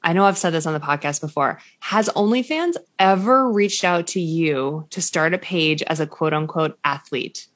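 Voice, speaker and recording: A woman hosting a podcast in casual chat, brash and quick to swear, acting out what others said. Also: deep voice. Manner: brash, swears freely, acts out quotes. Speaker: podcast host.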